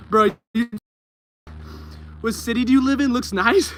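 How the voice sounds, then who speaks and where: A man's voice: high-pitched, moderate pace, long pauses, a bit bright, a little hiss or hum. A young man livestreaming his baseball workout outdoors, out of breath, talking in a laid-back, slangy way. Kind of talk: casual livestream workout talk. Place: outdoors on grass.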